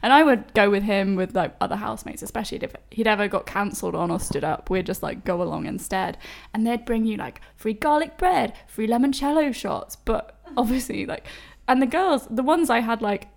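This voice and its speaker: A woman's voice: on the high side, expressive, brisk, creaky, few pauses. A woman, telling stories in a casual podcast chat, chatty and self-deprecating with many fillers.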